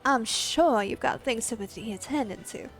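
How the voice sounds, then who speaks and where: A woman's voice: a little high, moderate pace, soft background music, natural voice. A woman putting on a folksy Southern man's voice with an attempted American Southern accent in a drawling, shaky impression. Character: folksy southern man, warm and fussing.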